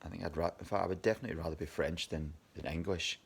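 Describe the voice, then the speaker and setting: Scottish man in his fifties, low and husky, worn out, rambling and agitated, video diary. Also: steady tone, racing. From Scotland. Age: 50s. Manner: agitated, rambling, heavy swearing. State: exhausted. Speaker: video diarist.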